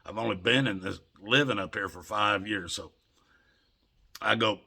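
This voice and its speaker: A man's voice: fairly low pitch, animated, moderate pace, creaky, pushed and bright, slightly rough. An older man, a vlogger, telling rambling, folksy everyday stories straight to his viewers and chuckling along the way. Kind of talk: casual storytelling.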